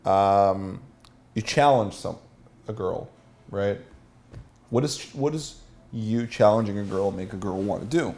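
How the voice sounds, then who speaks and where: A man's voice: lowish voice, unhurried, pauses often, darkish tone. A man teaching a seminar as a dating coach, asking the room questions and acting out example lines.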